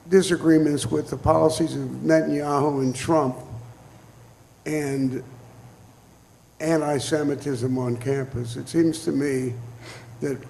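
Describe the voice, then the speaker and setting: Gravelly older man asking from the floor. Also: fairly high pitch, darkish tone. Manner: measured, thoughtful, pausing. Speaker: audience member asking a question. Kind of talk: question from the floor. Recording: reverberant hall with faint noise.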